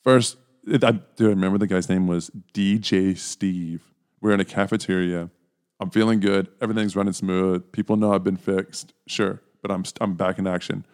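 A young man co-hosting a podcast, telling a story in a casual chat and jumping into high silly voices to act out moments. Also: normal speed, clean tone. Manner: animated, jumps into high silly voices when acting out moments. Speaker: podcast co-host.

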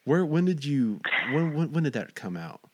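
A man from Fort Stockton, Texas, hosts a casual interview, rambling and tripping over his words. His voice is a little high and warm, with big swings in pitch, and he speaks at a moderate pace.

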